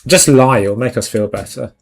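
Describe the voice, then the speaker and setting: Young adult male streamer, casual rambling chat, frequent laughter, medium pitch. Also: moderate pace, vocal fry. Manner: chatty and rambling, laughs often. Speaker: livestream host chatting with viewers.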